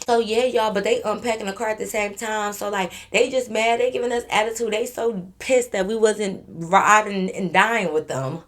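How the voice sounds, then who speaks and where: Speaking straight to her viewers, a woman vlogger tells a personal story to camera in a blunt, animated way, swearing freely. Her medium-pitched voice moves at a moderate pace with hardly any pauses.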